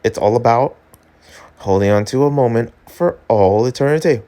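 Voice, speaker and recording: A young man reading a romance webtoon aloud, slow and reflective, breaking off now and then to react casually. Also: on the low side, lively intonation, dark tone. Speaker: webtoon reader.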